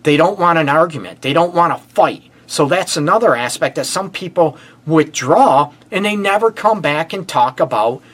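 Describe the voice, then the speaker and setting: A middle-aged man from the Detroit area hosting a casual relationship advice show, blunt and animated, often calling his listeners "people". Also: on the high side, moderate pace, few pauses. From Detroit area, USA. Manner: animated and blunt, addresses listeners as "people", frequent "you know what". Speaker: relationship counselor and show host.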